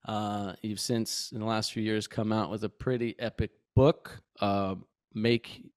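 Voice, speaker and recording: A man's voice: fairly low pitch, little pitch movement, unhurried, clear, resonant tone, no room sound, clean studio sound. A man hosting a podcast, introducing his guest and asking questions in an easygoing way with fillers. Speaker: podcast host.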